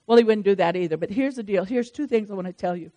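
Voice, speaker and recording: A woman preacher giving a sermon to a congregation, talking in a lively, conversational way with repeated phrases and touches of humor. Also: mid-range voice, quick pace, a little hiss or hum.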